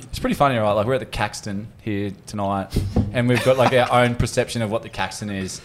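A man's voice: lowish voice, fairly quick. An Australian man bantering and laughing in a rambling way, chatting casually in a pub. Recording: loud background hiss.

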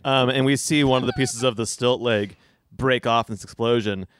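A man's voice: medium pitch, fairly even intonation, moderate pace, a bit bright. Crude joking man in comedy improv. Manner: jokey, crude asides.

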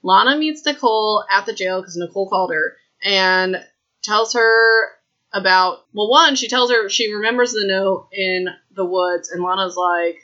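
A woman hosting a podcast, chatting excitedly through a casual book recap with lots of "like" and asides to her listeners. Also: medium pitch, normal speed, highs cut off. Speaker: podcast host.

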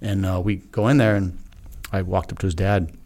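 A man's voice: deep voice, fairly even intonation, a little fast, a little mellow. A middle-aged man, a retired Navy SEAL guest on a podcast, telling a personal story in a frank, earnest, casual way and acting out his own past remarks.

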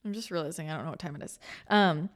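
With a low-sitting voice and a fast delivery, a spiritual channel and podcast host chats casually about spiritual topics. She rambles, restarts frequently, and is emotional to the point of nearly crying.

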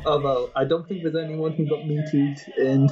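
A man's voice: fairly high pitch, little pitch movement, moderate pace, lo-fi sound, slight background noise. A man co-hosting a casual watchalong podcast, chatty and knowledgeable, laughing often. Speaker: podcast co-host.

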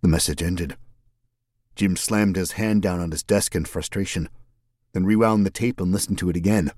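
Deep husky male narrator. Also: moderate pace, warm tone, no room sound, studio quality. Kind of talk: scripted audiobook narration.

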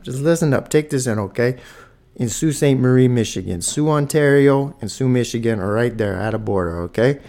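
A man hosting a podcast, telling a story in a lively, profane way with punchy sound effects. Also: mid-range voice. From Toronto, Canada. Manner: animated, swears freely, adds punchy sound effects. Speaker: podcast host. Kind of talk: casual storytelling monologue.

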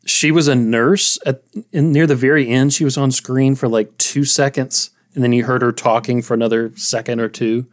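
A man's voice: medium pitch, steady tone, normal speed, hardly any pauses. A man co-hosting a movie podcast, casually reading out film facts and laughing often. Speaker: podcast co-host.

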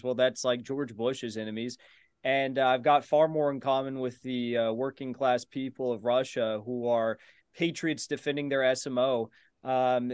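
A man's voice: medium pitch, clean tone, dry recording, studio quality. A man arguing his side in a heated online debate, sometimes taunting his opponent. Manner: taunting, repeats insults over his opponent.

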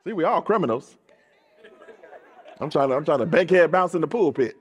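A man's voice: on the high side, animated, fairly quick, husky, long reverb tail, a faint crowd. A male pastor preaching a sermon from the pulpit, emphatic and repeating his phrases, laughing between points. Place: church pulpit.

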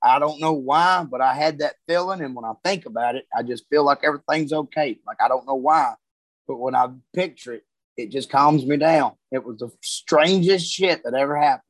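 A man's voice: medium pitch, fairly quick, dry recording, poor audio. A man telling a story in casual, profane talk, full of Southern grammar and heavy cursing.

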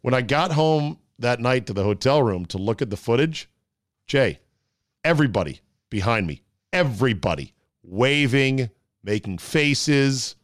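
Lively man hosting a sports podcast. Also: mid-range voice, unhurried, dry recording, clean studio sound. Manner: animated storyteller, fiddly with gear. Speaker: sports talk podcast host. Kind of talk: casual podcast chat. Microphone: studio mic.

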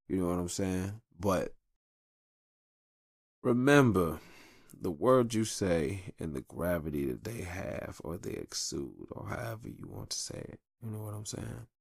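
A man in his thirties hosting a podcast, giving casual advice in a blunt, profane, animated monologue recorded at a home mic. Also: fairly low pitch, creaky, no echo, clean studio sound. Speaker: podcast host.

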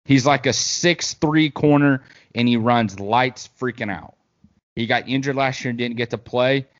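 A man at a mid-range pitch co-hosts a casual sports chat, talking football in a relaxed, rambling way. He fills his thoughts with ums and restarts. The audio is a little dull and lo-fi. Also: a little slow. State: hiccups. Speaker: podcast co-host.

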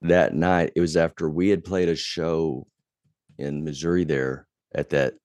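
A man's voice: a bass voice, unhurried, no echo. A man telling a profane story in casual podcast chat, his voice climbing when he gets angry. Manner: profane, animated retelling, voice rising when angry. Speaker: podcast guest.

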